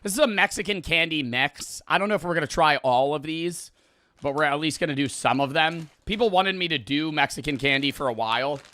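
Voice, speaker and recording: A young streamer with a slightly high, sharp voice talks briskly on a casual livestream, cursing a lot and rambling in exasperation as spicy food hits him.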